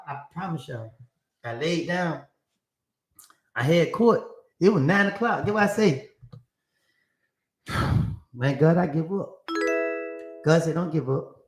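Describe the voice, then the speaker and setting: A man with a high voice and a steady preaching rhythm tells his own story. He acts out both sides of a conversation with God, stressing lines for effect. The recording sits in an echoey room. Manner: preachy, emphatic, retelling talks with God. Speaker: commentator in a played clip. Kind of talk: storytelling monologue.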